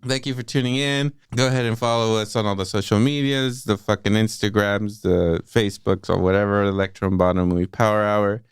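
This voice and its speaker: A man's voice: on the low side, fairly even intonation, fairly quick, hardly any pauses, smooth, no room sound, studio quality. A man hosting a casual podcast, talking loosely with lots of swearing and laughter. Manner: loose, profane, laughing often. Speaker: podcast host.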